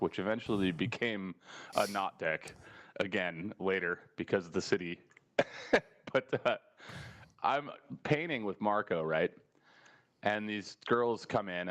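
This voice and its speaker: A man telling a story in casual podcast chat. He laughs often and acts out the people he quotes. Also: lowish voice. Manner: animated, mimics people he quotes.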